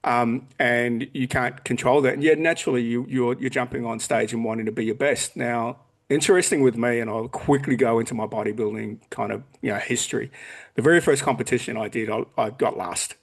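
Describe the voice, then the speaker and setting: A man's voice: medium pitch, steady tone, a little fast. A man in his forties, a podcast guest in casual chat who talks bluntly, swears a lot and acts out what people said. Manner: blunt and heavily profane, acting out quotes.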